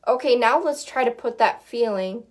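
A woman vocal coach talks through a lesson in a loose, chatty way, with a slightly high voice. She fills her explanations with fillers and breaks off to sing short demo notes. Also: moderate pace. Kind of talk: casual teaching chat.

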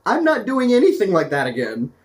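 A man's voice: high-pitched, wildly swooping pitch, brisk. A man co-hosting a podcast, bantering sarcastically with crude jokes and mock voices. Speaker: podcast co-host.

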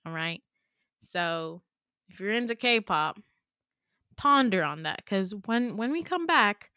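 A woman's voice: medium pitch, sharp tone, no echo, clean studio sound. A young woman hosting a podcast and telling a dream story in casual chat, full of fillers, swearing and self-mocking laughs. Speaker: podcast host. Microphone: home podcast mic.

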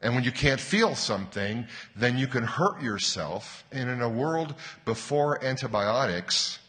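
A man preaching a sermon as pastor, earnest and explanatory, pressing hard on key words and slowing down to stress a point. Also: mid-range voice, animated, a bit bright. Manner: earnest, explanatory, with emphatic rises and slowed stresses. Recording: long hall reverb.

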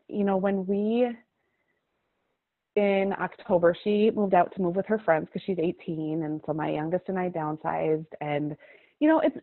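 A woman's voice: fairly low pitch, no room sound. A middle-aged woman, a life coach and podcast guest, chatting candidly and casually, swearing and saying "like" a lot. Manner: candid, swears, peppers speech with "like". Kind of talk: casual chat. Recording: tinny phone-like line, dry.

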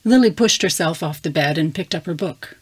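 A woman reading a fantasy story aloud with calm, measured narration. Her voice sits low for a woman. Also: slightly rough. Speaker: story reader.

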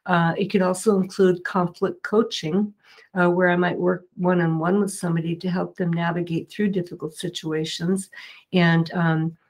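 A woman's voice: lowish voice, flat delivery, normal speed. A middle-aged woman, a mediator and interview guest, explaining earnestly with frequent fillers and restarts. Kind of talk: interview answers.

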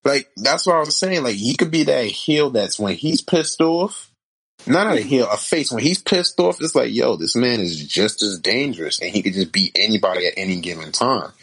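Husky, animated man chatting about wrestling. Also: normal speed, rough recording. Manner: animated, slangy, drops into a low voice for emphasis. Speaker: wrestling podcast co-host. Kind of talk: casual chat.

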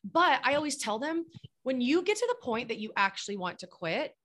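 A woman's voice: high-pitched, brisk. A woman hosting a podcast as a business coach, talking casually and acting out her clients' complaints. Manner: animated, acts out clients' complaints.

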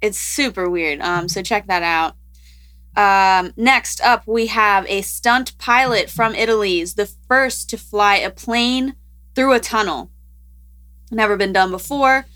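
A woman's voice: medium pitch, a little slow, pushed and bright. A woman co-hosting a podcast, chatting casually and rambling through science news with frequent laughs.

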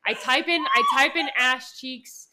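A woman's voice: high-pitched, measured pace, heavy background noise. A woman in her twenties, co-hosting a podcast with her sister, rambling through a story with lots of swearing and laughter. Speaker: podcast co-host. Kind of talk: casual chat with her sister.

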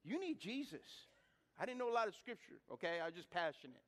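Brief: middle-aged man, high-pitched pastor, folksy humorous sermon, questions the crowd. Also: rapid-fire. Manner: lively, humorous, rhetorical questions to the congregation; repeats words and restarts while building stories. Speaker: preacher. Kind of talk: sermon with storytelling.

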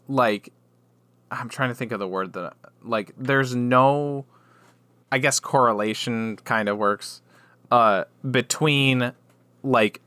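A man's voice: medium pitch, sharp tone, clear, resonant tone, no room sound. A man co-hosting a podcast, rambling through a casual chat with many fillers and restarts. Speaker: podcast co-host.

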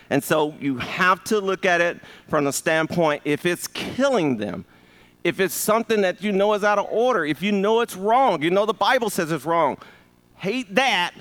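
A man in his fifties preaching a sermon as pastor, animated and joking, calling on the congregation to answer. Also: high-pitched, normal speed. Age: 50s.

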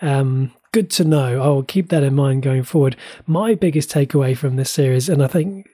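A man's voice: mid-range voice, moderate pace, mellow, slightly rough, no echo, studio quality. A man from England co-hosting a casual podcast about shows, chatty, with playful mock indignation and frequent restarts. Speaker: podcast co-host. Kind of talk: casual entertainment review chat.

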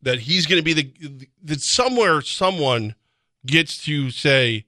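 A male sports radio co-host with a bright, forceful voice, animated and quick to laugh. He slips into little imagined exchanges as he talks. The sound is close and dry, with no room around it. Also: a little high, dry recording. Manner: animated, laughs often, acts out imagined dialogue. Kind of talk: casual sports talk.

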